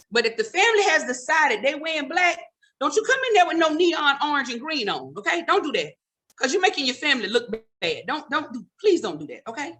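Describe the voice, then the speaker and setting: A middle-aged woman performs a stand-up comedy set, scolding and teasing the audience with sassy asides. Her voice is high, bright, and sharp.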